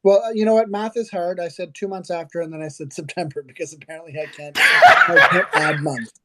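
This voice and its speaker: A man's voice: sits high, sing-song, fairly quick, heavy background noise. A man from Canada hosting a live audio chat, joking and rambling with filler words. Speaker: host.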